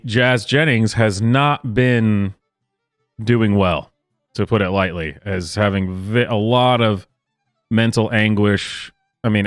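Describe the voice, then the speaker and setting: A man's voice: fairly low pitch, no room sound, clean studio sound. A man hosting a reaction commentary, incredulous and sarcastic, with frequent exclamations. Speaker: commentary host.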